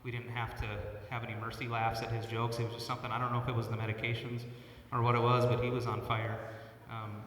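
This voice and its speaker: A middle-aged man, a church worship leader, giving a personal eulogy for his father, pausing and repeating words as he tells stories. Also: medium pitch, completely flat delivery, fairly bright tone, a little hiss or hum. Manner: halting, often repeats words; personal storytelling. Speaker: eulogist, son of the deceased. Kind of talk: funeral eulogy. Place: church sanctuary. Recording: echoey church hall from far off.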